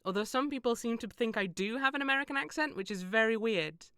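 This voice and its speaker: A woman's voice: fairly high pitch, quick pace, a bit bright, clear, resonant tone, no room sound, clean studio sound. A young British woman streaming a game, chatting casually in a rambling, self-deprecating way with frequent laughs. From Britain. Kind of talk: casual gameplay stream chat.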